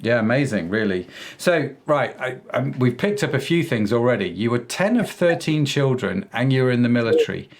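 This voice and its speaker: A male podcast host chatting casually with a guest, upbeat and quick to affirm. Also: mid-range voice, sing-song. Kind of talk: casual interview chat.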